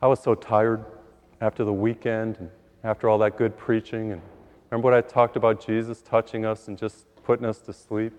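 A man's voice: lowish voice, little pitch movement, fairly quick, darkish tone, clear, resonant tone. A man preaching in a church, telling folksy jokes and stories to his congregation. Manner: folksy storytelling with laughs. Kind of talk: joke-telling sermon. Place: church hall. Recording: dull sound in a reverberant church.

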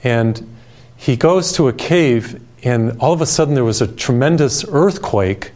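A male television preacher with a calm, peaceful delivery. He speaks gently and unhurriedly, weaving personal stories into his sermon at a middle pitch. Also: unhurried. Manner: storytelling with personal anecdotes.

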